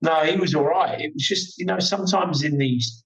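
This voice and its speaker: A man's voice: a little high, moderate pace, recorded from a distance, low-quality recording. A man, a motorcycle racer guesting on a podcast, telling stories in casual chat and acting out the exchanges he quotes. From England. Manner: animated storyteller, acts out quoted exchanges.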